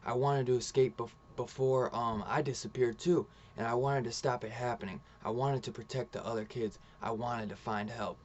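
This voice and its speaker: A man's voice: mid-range voice, fairly even intonation, moderate pace, hardly any pauses, a little mellow, lo-fi sound, natural voice. A man retelling the lines of a frightened, weak teenage runaway boy in a plain, barely acted version of his own voice. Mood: pleading. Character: frightened fifteen-year-old runaway boy, weak and cold.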